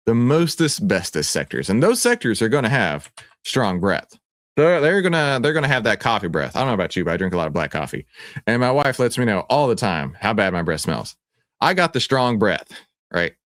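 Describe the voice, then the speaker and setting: A man with a Texan accent hosting a livestream, playful and teasing, often jumping to excited shouts. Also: on the low side, brisk, no room sound, clean studio sound. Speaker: livestream host. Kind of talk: animated livestream presentation.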